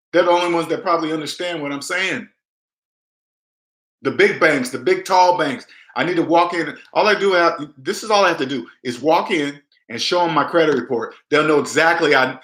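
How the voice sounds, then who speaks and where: Bright, emphatic man in an echoey room. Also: a little high. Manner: emphatic, preachy, acts out quoted people. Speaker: personal finance vlogger. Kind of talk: casual livestream talk to viewers.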